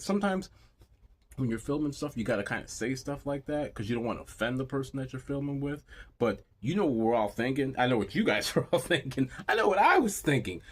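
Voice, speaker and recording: Crude, rambling comic man. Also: breathy edge. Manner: crude, profane and rambling, with lively pitch swings. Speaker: comedian. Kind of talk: stand-up storytelling.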